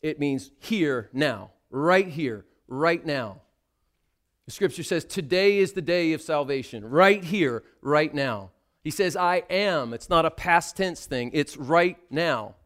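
A man preaching a sermon, dramatic, swinging between hushed quotes and loud calls. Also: on the high side, lively intonation, takes it slowly.

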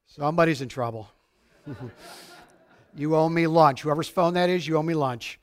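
Male preacher, high voice, excitable, loud-to-soft sermon delivery. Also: brisk, pauses often. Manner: excitable, shouts then drops to quiet. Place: church sanctuary.

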